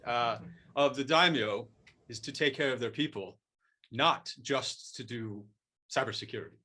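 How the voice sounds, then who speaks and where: A man playing a self-styled martial arts master in an improvised comic bit, speaking in a measured, mock-solemn tone. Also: mid-range voice, bright, forceful tone. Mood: lecturing. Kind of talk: improvised comic role-play.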